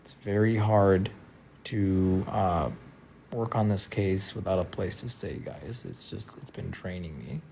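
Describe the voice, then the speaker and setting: A tired man talking casually on a live stream from a friend's house, soft-spoken and trailing off with lots of fillers. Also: sits low, unhurried, gravelly, a little hiss or hum. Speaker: livestreamer.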